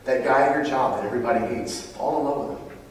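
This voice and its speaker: A man preaching a sermon to a live audience, animated, with loud emphatic bursts and quiet asides. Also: medium pitch, quick pace, distant mic, slight background noise. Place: large room with live audience. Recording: roomy hall, picked up from afar.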